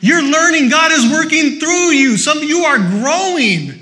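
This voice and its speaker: Male pastor with a high, bright voice. Delivers a lively, joking sermon with punchy repeated exhortations. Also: unhurried. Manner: lively and conversational, with joking asides; exhorting, repeating short phrases.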